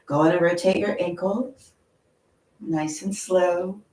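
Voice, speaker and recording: Lowish-voiced lady guiding yoga slow and gentle, sounds far off in a roomy studio. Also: fairly even intonation. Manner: slow, gentle and encouraging, with frequent "okay?". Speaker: yoga instructor. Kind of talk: guided yoga class instruction.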